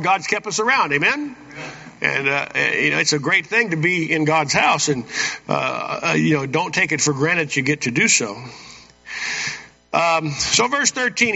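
This is a man preaching, a pastor whose fairly high voice is expressive, gravelly, and sharp with a breathy edge, moving at normal speed. He reads verses and checks in with the congregation with a folksy "Amen?" between points. The church hall sound is reverberant and dull.

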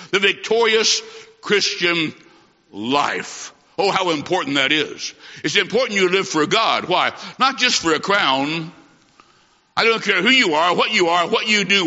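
A man's voice: sits high, bright, forceful tone. A middle-aged man preaching a sermon, telling a childhood story with emphatic, repeated phrases. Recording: dull recording in a reverberant hall.

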